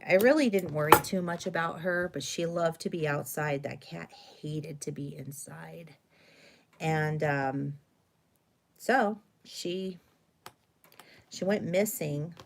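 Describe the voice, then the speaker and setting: Low-voiced middle-aged woman telling a story. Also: slow, gravelly. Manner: rambling, chatty, with fillers and self-corrections. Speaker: craft video host. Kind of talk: casual storytelling during a live stream.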